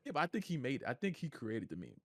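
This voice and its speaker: A man's voice: mid-range voice, very animated, rapid-fire, fairly bright tone, no echo. A man co-hosting a podcast in loose, joking casual chat, swearing freely. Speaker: podcast co-host.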